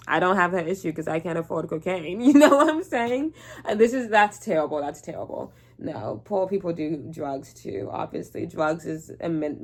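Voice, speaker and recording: A young woman vlogging casually, rambling and sleepy, swearing freely and breaking into laughs. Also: lowish voice. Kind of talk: casual rant to camera.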